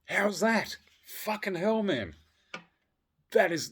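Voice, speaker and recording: A man chatting casually on a vlog, excitable and profane, swinging between loud outbursts and low muttering. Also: slow, pauses often. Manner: swears freely. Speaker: vlogger. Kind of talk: casual chat.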